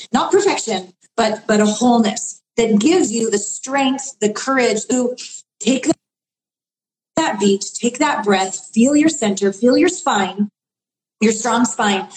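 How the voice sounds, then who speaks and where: A woman's voice: a little high, a little mellow, a little hiss or hum. A woman giving relationship advice in a conversation, earnest and coaching, with emphatic repeated phrases. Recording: roomy echo.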